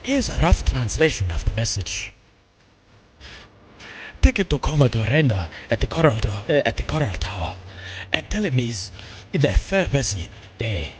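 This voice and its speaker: A man reading out a blunt, swearing male game quest-giver in a put-on English accent, rough and clipped. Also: mid-range voice, wildly swooping pitch, moderate pace, a little hiss or hum. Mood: gruff.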